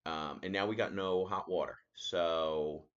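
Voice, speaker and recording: Podcast host, male, deep voice, animated ranting storyteller, slightly dull lo-fi audio. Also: a little slow. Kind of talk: casual solo podcast monologue.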